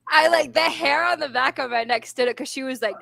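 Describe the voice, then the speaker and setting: A woman chatting on a radio show as a veterans benefits advocate, telling an animated story and swearing freely. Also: sits high, brisk, creaky. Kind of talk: casual radio chat.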